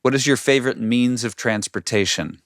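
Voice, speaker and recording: A man's voice: mid-range voice, normal speed, fairly bright tone, dry recording, clean studio sound. A man co-hosting a podcast, telling stories and asking questions in an easygoing way. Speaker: podcast co-host. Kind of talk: casual podcast chat.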